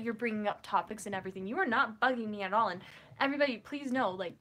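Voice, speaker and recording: A woman's voice: on the high side, quick pace, a bit bright. A woman hosting a casual livestream, chatting and rambling as she reassures her viewers. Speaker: livestream host.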